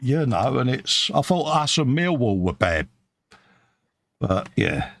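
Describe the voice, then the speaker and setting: Lively East End cockney bloke. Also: male voice, mid-range voice, slow, creaky, no room sound. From East End of London. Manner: chatty, lively storyteller. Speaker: live stream co-host. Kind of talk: casual chat reading viewer comments.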